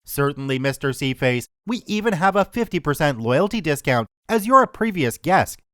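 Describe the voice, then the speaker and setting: A man voicing an overly polite hotel receptionist, smooth and courteous. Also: on the high side, very animated, moderate pace, a bit bright, no room sound, studio quality.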